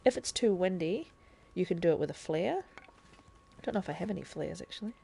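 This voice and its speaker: A woman's voice: on the low side, animated, fairly quick, vocal fry, dark tone, husky. A woman streaming a video game live, chattily explaining the controls and thinking aloud as she plays. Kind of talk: casual live-stream gameplay tutorial.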